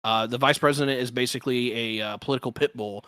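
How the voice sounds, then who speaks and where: A man's voice: mid-range voice, steady tone, quick pace, fairly bright tone, no room sound. A man on a political talk show panel who speaks bluntly and curses casually, often restarting his sentences. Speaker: regular panelist.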